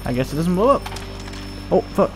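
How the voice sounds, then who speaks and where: A young man commentating his own gameplay, excitable, joking and swearing as he plays. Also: sits high, moderate pace. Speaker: let's play gamer. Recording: game music behind the voice. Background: game music.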